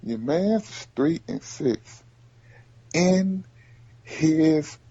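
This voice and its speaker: A man hosting a casual sports podcast, talking in animated bursts and repeating himself as he makes his point. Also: on the high side, drawn-out words, breathy edge, no echo, muffled recording. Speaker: podcast host.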